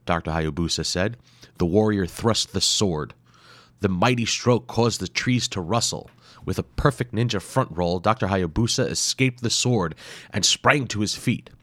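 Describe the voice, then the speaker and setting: A man's voice: on the low side, normal speed, a bit bright, no echo. A man narrating an adventure story dramatically, acting out the sound effects himself.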